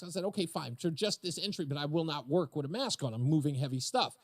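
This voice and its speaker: A man with a high voice hosts a call-in radio talk show from a dry, close studio mic. He chats casually, tells stories with plenty of laughter, and keeps the conversation moving. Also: expressive, quick pace, hardly any pauses, no room sound. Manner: chatty storyteller, laughs often.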